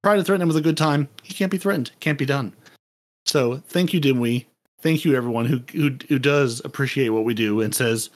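A man's voice: medium pitch, a little fast. A man hosting a casual gaming podcast, playful and rambling, often repeating words as he goes. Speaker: podcast host.

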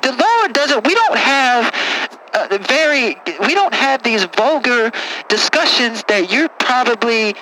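A man's voice: very high voice, lively intonation, a little slow, sharp tone, a little hiss or hum, heavily acted, rough recording. A man playing a prim, preachy pastor calling into a comedy radio show, scolding and fussy. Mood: flustered. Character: prim, pompous middle-aged male radio pastor. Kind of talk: comedic radio call-in sketch.

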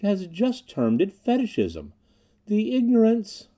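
A man plays a sleek male mystic preacher from Venus whose soft, silky voice glides along with quiet irony. He sounds condescending and smooth in this audiobook, his tone dark and mellow. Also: fairly high pitch, huge pitch swings, normal speed, pitched above the performer's own voice, heavily acted. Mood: ironic.

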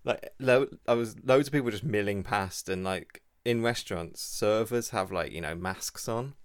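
Gravelly low-voiced man, chatty podcast host. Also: moderate pace. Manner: chatty, laughs often, animated storytelling with restarts. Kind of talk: casual chat.

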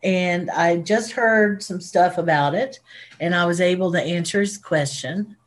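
A woman's voice: lowish voice, measured pace. Chatty woman podcast co-host. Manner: animated storyteller who laughs often. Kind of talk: casual chat.

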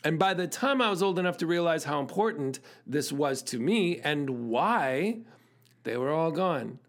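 A man's voice: medium pitch, vocal fry. A man hosting his own show, telling a personal story in an earnest, thoughtful way and laughing at himself now and then. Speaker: podcast host and musician. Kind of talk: reflective storytelling monologue.

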